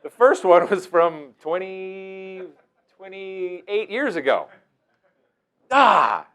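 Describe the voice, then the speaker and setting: A middle-aged man telling stories as a teacher, animated and breaking into loud, shouted impressions. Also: high-pitched, extremely slow. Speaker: wilderness mentor and teacher. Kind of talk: storytelling talk.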